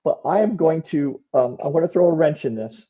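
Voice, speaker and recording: Teasing interview host, husky tone, dull lo-fi recording. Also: mid-range voice, animated, fairly quick, mellow. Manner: teasing, asks pointed questions. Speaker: podcast host. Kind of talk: casual interview.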